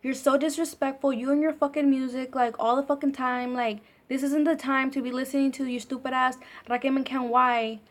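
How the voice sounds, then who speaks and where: A woman's voice: on the high side, moderate pace, natural voice. Woman quoting her cursing, irritated sister. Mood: angry. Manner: snappy, swearing.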